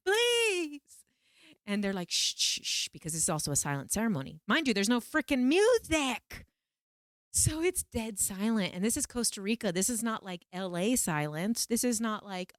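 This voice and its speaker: A woman vlogger telling a personal story to camera in a casual, animated, emphatic way. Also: mid-range voice, no room sound, clean studio sound. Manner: animated, emphatic, repeats phrases for effect.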